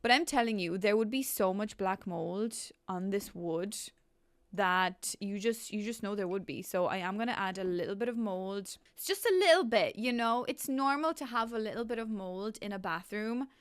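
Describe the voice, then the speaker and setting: A young woman giving casual commentary while building in a life-sim game, excitable and self-mocking, laughing often. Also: medium pitch, moderate pace, clear, resonant tone, dry recording.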